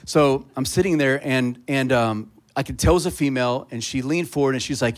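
A man preaching a sermon, telling a personal story in a casual, conversational way that builds to loud, fervent preaching. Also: medium pitch, fairly quick, few pauses. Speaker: pastor.

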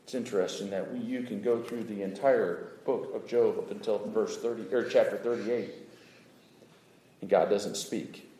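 A male pastor preaching a sermon, swinging from loud pleading to a hushed near-whisper. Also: fairly low pitch, steady tone, moderate pace, a little hiss or hum. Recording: roomy echo.

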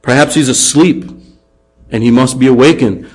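A man preaching a sermon, animated, acting out taunts in a raised voice and dropping quiet for emphasis. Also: mid-range voice, moderate pace, poor audio. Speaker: pastor.

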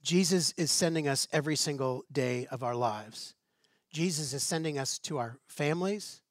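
Slightly high-voiced man preaching conversationally. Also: moderate pace, dry recording, studio quality. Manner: conversational, with rhetorical questions and light asides. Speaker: pastor. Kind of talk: sermon.

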